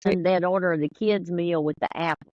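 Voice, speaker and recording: A woman's voice: fairly low pitch, steady tone, moderate pace, a little mellow, dry recording, dull audio. A woman with a Southern US accent and a drawl, chatting casually as a podcast co-host and telling stories. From American South. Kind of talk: casual chat.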